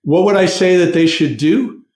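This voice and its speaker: A man's voice: high-pitched, moderate pace, a little mellow, echoey room. A middle-aged man, a guest on a podcast, talking earnestly and steadily about hiring as a process. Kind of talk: conversational interview.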